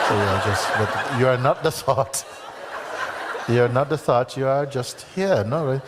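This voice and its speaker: A man's voice: mid-range voice, measured pace, heavy background noise. A man giving a spiritual talk to an audience, telling a story playfully, acting out voices and often laughing. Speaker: spiritual teacher in a played video. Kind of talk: spiritual talk with acted-out anecdote.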